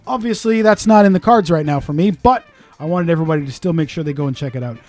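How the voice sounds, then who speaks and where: Mellow-voiced man ranting on a podcast. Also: a little high, fast, no room sound, soft background music. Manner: profane ranting storyteller. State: in pain and grumpy. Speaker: podcast co-host. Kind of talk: casual podcast chat.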